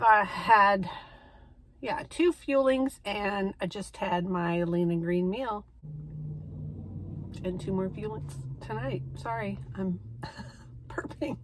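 A woman's voice: on the low side, slight background noise. A middle-aged woman talking casually for her diet vlog from her parked car, chatty, with fillers and self-corrections. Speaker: vlogger.

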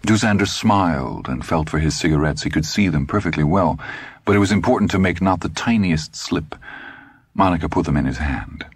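A man narrating an audiobook in a dry, measured storytelling manner. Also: a bass voice, slightly rough, no room sound. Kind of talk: scripted narration.

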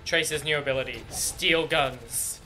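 A young man giving casual, excitable, rambling reaction commentary on video game cinematics, laughing often. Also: medium pitch, measured pace, soft background music.

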